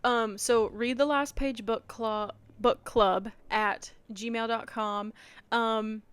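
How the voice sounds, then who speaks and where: A woman with a Midwestern American accent co-hosting a podcast, chatting in a relaxed, easygoing way. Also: a little high, slow, smooth, dry recording. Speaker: podcast co-host. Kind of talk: casual chat.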